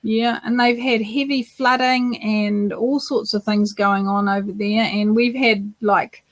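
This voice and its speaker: A woman's voice: mid-range voice, fairly even intonation, a little slow, no room sound. A woman from New Zealand co-hosting a beekeeping podcast, chatting casually with lots of fillers and restarts. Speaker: podcast co-host. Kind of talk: casual live Q&A chat.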